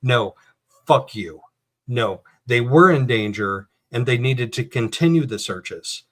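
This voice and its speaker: A male host of a casual true crime talk show. He rants with heat and swears freely, at an everyday middle pitch. It is a loose chat with a co-host. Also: lively intonation, takes it slowly, a bit bright. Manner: heated ranting, swearing, then apologizing.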